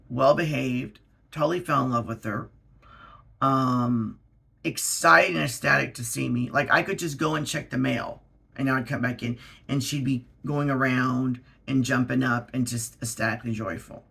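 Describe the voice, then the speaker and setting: A man with a raspy, gravelly, fairly high voice tells a casual storytime on his vlog. His sound is bright and edgy, and he keeps it loose and animated, leaning on "like" as he goes. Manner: chatty, animated storytelling with many "like" fillers. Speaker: vlogger.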